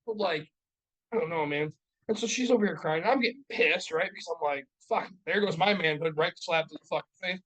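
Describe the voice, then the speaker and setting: A man's voice: on the high side, a little fast, fairly bright tone, rough recording. A man in his thirties co-hosting a casual podcast, telling stories in a heated, profane rant. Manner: profane, ranting, heated storytelling. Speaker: podcast co-host. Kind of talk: casual chat. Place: podcast studio.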